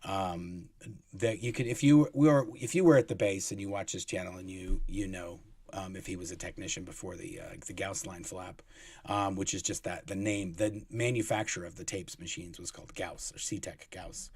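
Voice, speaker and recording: A man telling rambling, animated anecdotes as a guest, with many restarts. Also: low voice, moderate pace, slightly rough, no echo. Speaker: guest, former Sea Org member. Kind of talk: casual storytelling in an interview.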